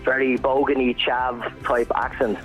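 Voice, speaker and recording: A man's voice: mid-range voice, unhurried, highs cut off, faint music behind. A man with a west Dublin accent, a radio panelist ranting bluntly with laughs in a casual chat. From Ireland. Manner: blunt, animated, laughing ranter. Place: radio studio.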